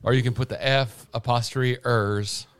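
A man's voice: medium pitch, steady tone, moderate pace, clean tone, no room sound. A man co-hosting a casual morning show, laid-back, drifting into mock quotes as he talks. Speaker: co-host.

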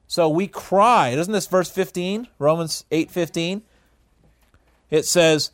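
A man teaching a Bible study in a conversational way, often asking the listeners questions and pausing on "uh". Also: on the high side. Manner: conversational, asks the audience questions, frequent uh fillers.

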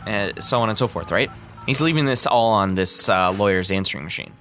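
A man's voice: on the low side, brisk, a bit bright, slight background noise. A man casually analyzing a film, loose and filler-heavy, often acting out the characters he quotes. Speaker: film commentator.

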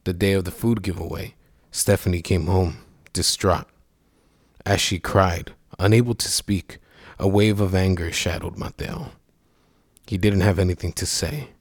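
Brief: male narrator, very low voice, measured and somber, dry close sound. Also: no room sound. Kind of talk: scripted story narration.

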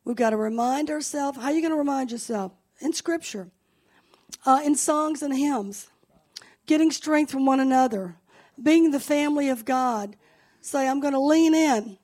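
Lady pastor preaching, chatty and encouraging, a bit higher voice. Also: moderate pace, a little mellow. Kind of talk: sermon.

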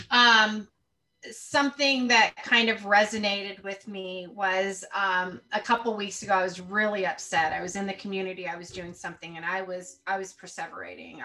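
A woman's voice: mid-range voice, pushed and bright, distant mic, low-quality recording. A woman guest on an interview podcast, speaking earnestly and thinking aloud, often checking in with "right?". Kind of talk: reflective conversational interview talk.

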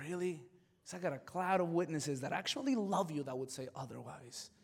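A male pastor telling a personal story in a sermon. He talks in an animated way full of "like" and repetition, and drops to a hushed, earnest tone for serious points. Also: fairly high pitch, a little fast, gravelly, slightly rough, in a large hall. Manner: animated, excitable storytelling with many "like" fillers.

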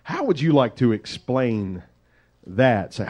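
A man preaching, retelling a story in a lively, conversational way with folksy asides. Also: mid-range voice, slow pace. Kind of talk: sermon storytelling.

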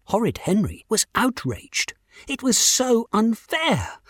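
A woman reading a children's story aloud in an expressive, playful manner. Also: on the high side, slow, slightly rough, dry recording, clean studio sound. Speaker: reader of a children's story excerpt.

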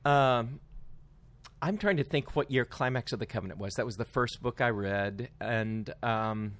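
A man in casual podcast conversation, giving reflective, measured explanations. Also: mid-range voice, a bit bright. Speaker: lectureship organizer.

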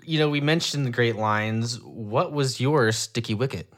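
Young male podcast co-host, mid pitch, upbeat and laughing. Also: unhurried. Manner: enthusiastic, laughs easily. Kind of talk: casual chat.

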